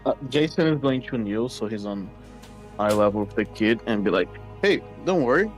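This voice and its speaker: A man's voice: lowish voice, normal speed, faint music behind. A man playing a tabletop role-play game, talking casually and confidently. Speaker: player.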